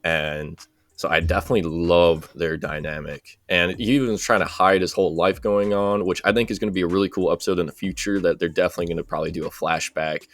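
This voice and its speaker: A man co-hosting a podcast, talking casually and loosely, and getting lively when something strikes him as funny. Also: low voice, quick pace, dry recording. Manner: relaxed, rambling, gets animated when amused. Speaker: podcast co-host. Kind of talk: casual chat.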